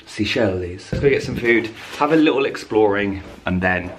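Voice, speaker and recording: A young man in a hotel room talking to camera in a casual travel vlog, gushing and excitable with lots of exclamations. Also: on the low side, normal speed, a little hiss or hum. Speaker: travel vlogger. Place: seaside hotel room, indoors.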